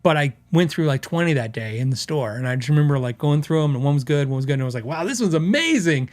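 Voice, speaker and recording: Racing along in a medium-pitched, darkish voice, a male podcast host reads out viewer comments. It's casual chat, meandering, with restarts and quotes delivered in character.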